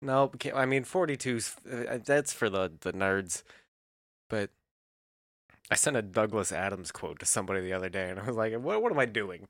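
A man chats with his friends on a podcast in a lively, joking way. His pitch jumps around as he laughs through his stories. His voice sounds dry and close. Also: moderate pace, dry recording. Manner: animated, laughs a lot. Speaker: podcast co-host. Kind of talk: casual chat.

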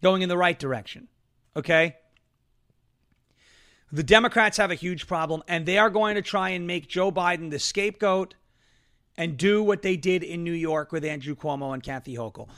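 A man's voice: on the high side, normal speed, fairly bright tone. A man hosting a political talk livestream, ranting with a combative, sarcastic edge. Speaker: political talk show host.

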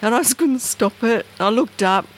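Animated Australian woman telling a story. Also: fairly high pitch, normal speed. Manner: animated, acts out voices and sounds. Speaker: interview guest. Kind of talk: personal storytelling.

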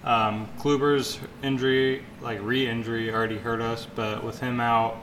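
Male co-host, mid voice, laid-back sports talk, clear background noise. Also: mid-range voice, level tone, a little slow, fairly bright tone. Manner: laid-back, talks through sports analysis. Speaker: podcast co-host. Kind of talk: casual sports podcast chat. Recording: noisy background.

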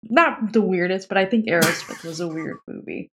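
A woman co-hosts a relaxed movie podcast. She teases herself and giggles often, and her talk moves along with easy, playful energy. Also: lowish voice, moderate pace, heavy background noise. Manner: playful, self-mocking, giggly. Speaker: podcast co-host. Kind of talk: casual film podcast chat.

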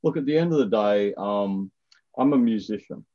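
A man with an Australian accent, a guest professor on a podcast, talking in a relaxed, joking way. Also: lowish voice, normal speed, no room sound, muffled recording. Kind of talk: casual podcast interview.

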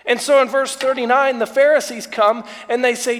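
High-voiced man preaching in an echoing hall. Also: fairly even intonation, fairly bright tone. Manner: builds up with repetition, slows for emphasis. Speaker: pastor. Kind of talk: online sermon.

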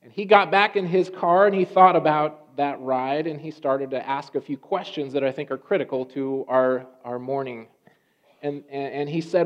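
A man preaching a sermon, telling a story in a conversational way with restarts and pauses. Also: on the high side, fairly even intonation. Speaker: pastor. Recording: dull lo-fi sound.

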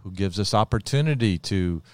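A man co-hosting a casual Bible chat, chiming in calmly with short remarks. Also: on the low side, moderate pace, dry recording, studio quality. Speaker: Bible teacher co-host.

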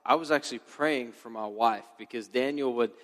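A man's voice: mid-range voice, normal speed, fairly bright tone. A man casually adding to a shared faith testimony. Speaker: husband sharing testimony. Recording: echoey hall sound, from a distance.

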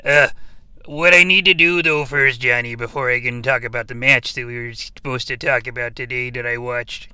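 A man's voice: mid-range voice, steady tone, normal speed, pushed and bright, clear, resonant tone, dry recording. A man playing a rambling, easily sidetracked old wrestling-family patriarch in a comedy podcast. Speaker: podcast host character. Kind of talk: improvised comedy character monologue.

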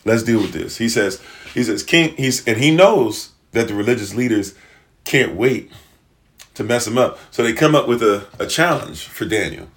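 Male preacher, casual sermon, slangy animated storyteller. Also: medium pitch, normal speed.

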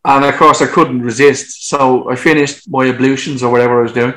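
A man being interviewed about his music career, telling long stories in a lively way, laughing and swearing as he goes. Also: medium pitch, brisk, rough recording. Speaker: musician guest. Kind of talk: casual anecdotal storytelling.

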